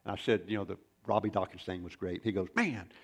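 Gravelly-voiced man preaching a sermon. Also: low voice, flat delivery, fast talker. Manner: folksy storytelling with rambling asides. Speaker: pastor.

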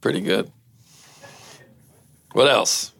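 Gravelly older male pastor, lively. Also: medium pitch, drawn-out words, slight background noise. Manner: lively storyteller, banters and laughs with the audience. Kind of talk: casual sermon with a read-aloud story.

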